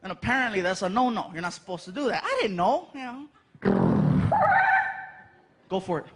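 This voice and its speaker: Animated high-voiced male comedian. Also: normal speed, long pauses. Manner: animated storytelling, acts out voices. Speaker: stand-up comedian. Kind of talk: stand-up routine. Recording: live stage mic with audience noise.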